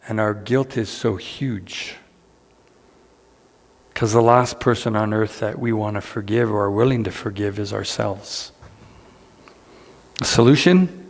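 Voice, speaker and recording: A man preaching a sermon as pastor, earnest and unhurried, repeating key lines with dramatic pauses. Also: mid-range voice, creaky. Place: church sanctuary. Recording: church hall reverb.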